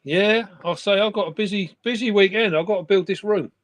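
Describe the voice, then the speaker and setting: A man's voice: sits high, brisk, no room sound. A middle-aged man, chatting and laughing on a live stream from his room at home. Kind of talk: casual chat.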